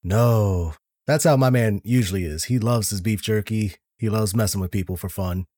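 Laid-back mellow-voiced podcast guy. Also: on the low side, normal speed, no room sound, studio quality. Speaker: podcast co-host. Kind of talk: casual podcast chat.

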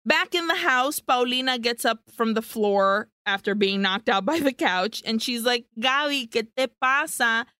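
Woman, podcast co-host, casual film recap, profane, smooth voice, dry close sound. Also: on the high side, moderate pace, few pauses, sharp tone, no room sound. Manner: swears freely, breezy storytelling.

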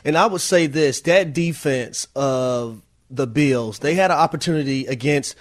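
A man hosting a sports talk show, giving quick, direct football analysis. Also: medium pitch.

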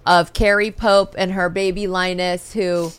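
A woman's voice: fairly low pitch, level tone, a little slow, slight background noise. A woman co-hosting a podcast in casual chat, candid and rambling, swearing freely. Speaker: podcast co-host.

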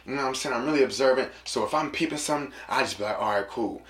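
A man talking casually to listeners in an animated, slangy way, acting out quotes in a lower voice. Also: racing, echoey room.

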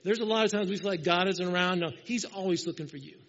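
A man's voice: sits high, fast talker, a bit bright. A man preaching a sermon as pastor, conversational and storytelling, acting out quoted people. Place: church. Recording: dull sound, long hall reverb.

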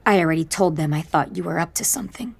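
Brief: woman reading as a young gunslinger woman, wounded, quiet whisper. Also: lowish voice, fast, vocal fry, husky. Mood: stunned.

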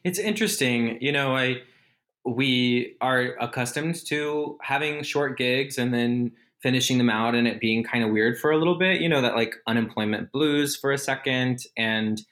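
A man's voice: medium pitch, moderate pace, fairly bright tone. A man guesting on a podcast, laid-back and self-deprecating, talking casually and laughing often. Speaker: guest, stage performer. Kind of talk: casual interview chat.

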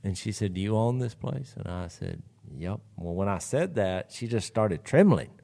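A man's voice: fairly low pitch, expressive, normal speed, creaky, dark tone. A man telling a long story in casual podcast chat, chuckling and drawling as he goes. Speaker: podcast co-host.

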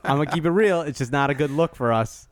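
Young male co-host, slightly high and lively, teasing, dry room. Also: fast, no room sound. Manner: teasing, mocking impressions of friends. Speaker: podcast co-host. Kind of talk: casual podcast banter.

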